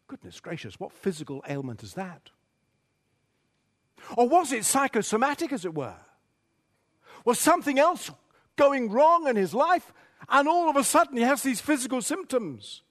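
Dramatic high-voiced preacher. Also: male voice, sing-song, measured pace, fairly bright tone. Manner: dramatic, reads scripture with rising intensity. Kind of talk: sermon.

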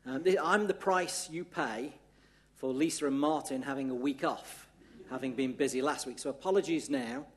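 A male minister with a Merseyside twang delivers a sermon in a church. His voice is husky and slightly breathy, sitting at an ordinary mid pitch, and his delivery is relaxed and conversational. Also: normal speed. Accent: northwest English, Merseyside. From northwest England, near Liverpool.

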